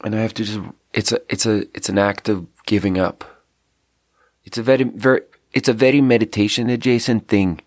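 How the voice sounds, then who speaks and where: Low-voiced stuffy-nosed man, rambling podcast talk. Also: fairly even intonation, a little fast, dry recording, studio quality. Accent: slight South African slip. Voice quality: stuffy nose. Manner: rambling, self-deprecating, reflective. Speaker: podcast host. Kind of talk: casual solo podcast monologue.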